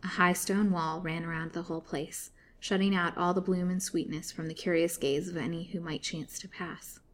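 A woman narrating a serialized storybook in a steady, expressive reading. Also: on the low side, normal speed, a little hiss or hum. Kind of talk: scripted narration.

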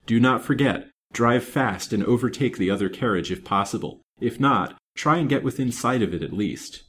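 A man voicing a confident detective in a brisk, firm, assured manner. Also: mid-range voice, slight background noise, close to an everyday voice.

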